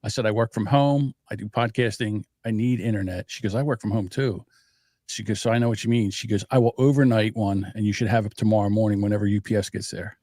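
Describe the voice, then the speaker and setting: A man's voice: on the low side, fairly even intonation, fast talker, warm tone, dry recording. A middle-aged man hosting a podcast from his home studio, telling rambling stories and acting out other people's voices. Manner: rambling storyteller who acts out other voices. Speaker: podcast host. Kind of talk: casual chat.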